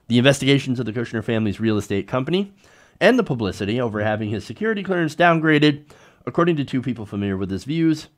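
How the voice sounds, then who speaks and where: Animated sarcastic male political commentator. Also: mid-range voice. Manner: sarcastic, animated, reads quotes aloud and comments. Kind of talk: solo political commentary reading news.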